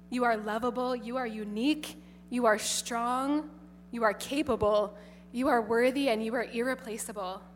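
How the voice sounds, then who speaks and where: A nun with a New York accent giving a faith talk to young people, telling stories with energy and repeating her key phrases. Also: fairly high pitch. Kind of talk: faith talk to high schoolers. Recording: echoey hall with faint hum.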